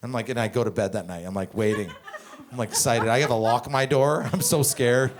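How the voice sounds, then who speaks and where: A man in his twenties from Canada doing stand-up, telling family stories in a profane, animated, rambling way. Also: medium pitch, a little fast. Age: 20s. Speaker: stand-up comedian. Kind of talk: stand-up comedy storytelling.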